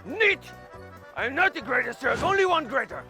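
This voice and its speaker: A man's voice: very animated, brisk, sharp tone, soft background music, exaggerated voice. A man playing a boastful male circus acrobat who announces himself in grand showman style. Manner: grandiose, booming announcer delivery.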